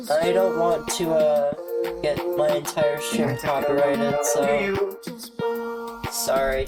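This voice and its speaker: A sick, congested and tired streamer giving casual, rambling commentary on a video game, often trailing off and restarting sentences. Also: medium pitch.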